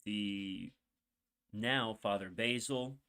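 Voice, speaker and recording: A man's voice: lowish voice, extremely slow, sharp tone, clear, resonant tone. A young man hosting a podcast, telling a long personal story in a rambling, candid way with many fillers and asides, emotional and holding back tears. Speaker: podcast host.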